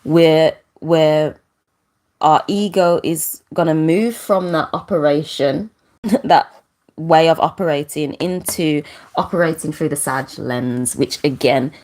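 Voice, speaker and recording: Woman, slightly low pitch, casual astrology talk, rambling, fillers, emotional, laughs between points. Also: takes it slowly, a little mellow. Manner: rambling, with many fillers and restarts; emotional and close to tears. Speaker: astrology channel host. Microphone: camera.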